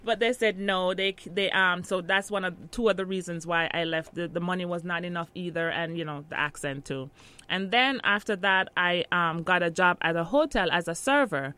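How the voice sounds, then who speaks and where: A woman's voice: lowish voice, moderate pace, bright, forceful tone, smooth. A woman in her thirties from Jamaica with a Jamaican accent, chatting casually in an interview and laughing often.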